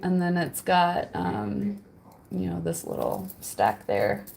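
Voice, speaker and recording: A woman's voice: fairly low pitch, very animated, slow pace, creaky, a little mellow. A woman hosting a livestream from home, chatting casually, reading viewer comments aloud and laughing often. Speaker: livestream host.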